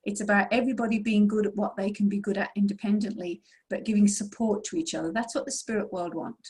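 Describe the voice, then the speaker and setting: A woman's voice: medium pitch, steady tone, fast, a little mellow, husky. A woman answering questions as a mediumship teacher in an online session, explaining in an encouraging way.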